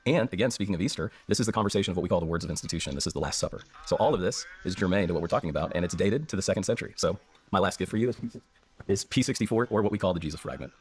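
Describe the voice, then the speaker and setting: This interview guest, an American scholar, lectures and tells stories with keen excitement. He speaks in a low register with lively intonation, racing through his words.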